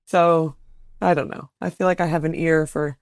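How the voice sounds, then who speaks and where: Low-voiced Minnesotan woman guest. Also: steady tone, moderate pace, no room sound, studio quality. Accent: light Minnesotan. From northern Minnesota, USA. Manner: modest, laughs easily. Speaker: stage actress, guest. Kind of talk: casual interview chat.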